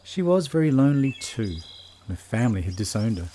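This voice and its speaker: A man narrating a children's story in a gentle, measured storytelling voice. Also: mid-range voice, sing-song, slight background noise.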